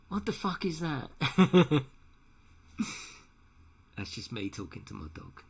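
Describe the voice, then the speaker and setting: A man's voice: a little high, very animated, takes it slowly, long pauses, husky. A man streaming live from home as he paints a model, talking casually and joking often with his viewers. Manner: chatty, jokey, laughs often. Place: home room at night. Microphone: headset.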